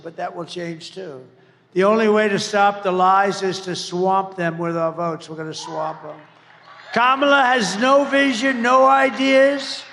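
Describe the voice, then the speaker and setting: A man in his seventies giving a rambling, boastful campaign rally speech, repeating himself and breaking into shouts. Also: a little high, gravelly, big-room sound. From United States. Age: 70s. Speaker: political candidate.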